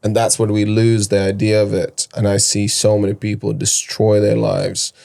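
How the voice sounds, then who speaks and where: A man's voice: on the low side, completely flat delivery, normal speed, gravelly, mellow. A man hosting a podcast in casual interview chat, loose and profane, with frequent restarts. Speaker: podcast host.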